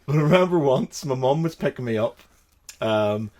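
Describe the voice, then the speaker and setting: A man's voice: medium pitch, expressive, moderate pace, a little mellow. A man from Northern Ireland, a podcast co-host, telling rambling anecdotes in casual chat and laughing at his own stories.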